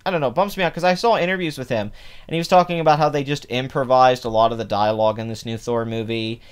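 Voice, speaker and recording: A man's voice: mid-range voice, fairly even intonation, fast, smooth. A man hosting a casual box office commentary, opinionated and rambling, with many fillers and restarts. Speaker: podcast host.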